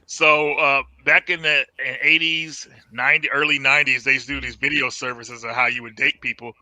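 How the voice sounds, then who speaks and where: Bright-voiced man chatting about movies. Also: medium pitch, fairly quick, no room sound, rough recording. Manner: relaxed, describes scenes plainly, quiet back-channel replies. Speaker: guest co-host. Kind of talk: casual movie review chat.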